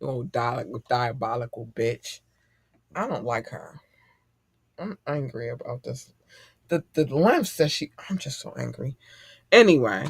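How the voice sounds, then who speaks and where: A middle-aged man hosting a casual podcast chat, animated and profane and quick to laugh. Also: mid-range voice, vocal fry, slightly rough, no echo, studio quality. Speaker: podcast host.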